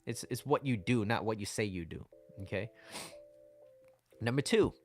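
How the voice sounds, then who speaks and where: A man's voice: fairly low pitch, expressive, normal speed, slight background noise. A man coaching viewers on dating and relationships in a casual livestream, often checking in with "right?" and "okay?".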